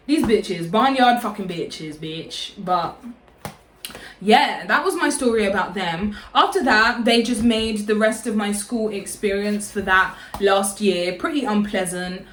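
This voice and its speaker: A young woman tells a storytime in a loud, chatty, profane way. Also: medium pitch, measured pace, roomy sound. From London. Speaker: vlogger. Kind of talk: casual storytime.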